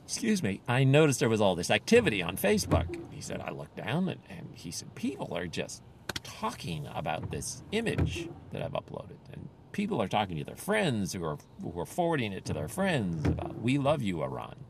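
Animated man telling a story. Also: fairly low pitch, fairly quick, creaky, background noise. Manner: animated, reenacts quoted speech. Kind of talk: retelling a story with quotes.

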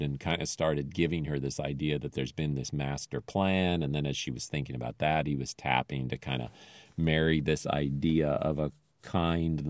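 A man's voice: a bass voice, a little mellow, no echo. A man casually retelling a television episode in a rambling, thoughtful way with many fillers.

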